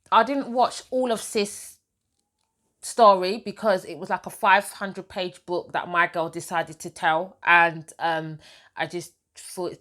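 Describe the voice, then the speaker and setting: A woman a slightly low voice chats casually to camera, sharing her opinions. She talks emphatically, stacks up long lists, and slips into her talk. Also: fairly bright tone. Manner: chatty, emphatic, piles up lists. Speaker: gossip vlogger.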